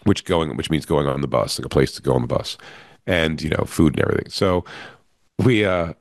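A middle-aged comedian and podcast co-host tells a long, casual anecdote in a bass voice at a slightly quick pace. The recording is dry and studio-clean, and he uses crude language and acts out the quotes.

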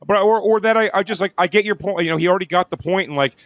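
A man's voice: high-pitched, racing, fairly bright tone. A man in his studio, teasing and arguing in a casual podcast debate, swearing freely. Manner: teasing, mock-courtroom banter, swears.

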